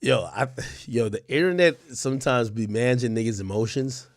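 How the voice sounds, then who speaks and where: A man's voice: mid-range voice, expressive, normal speed, no echo, studio quality. A young man from Jamaica with a Jamaican accent, hosting a livestream and telling profane stories with many restarts. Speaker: livestream host. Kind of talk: casual commentary.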